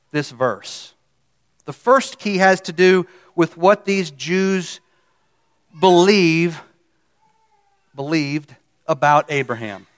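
A man teaching through a Bible passage in sermon style, earnest and emphatic, stressing key words and sometimes correcting himself. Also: high-pitched.

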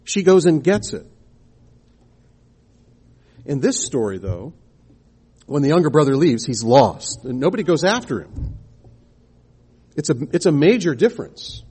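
A man's voice: a little high, dark tone, breathy edge. A man preaching a sermon, explaining scripture and posing rhetorical questions to the congregation.

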